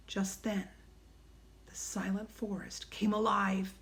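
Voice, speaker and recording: A woman reading a children's storybook aloud, hushed in quiet passages. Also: medium pitch, fairly even intonation, unhurried. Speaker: audiobook narrator.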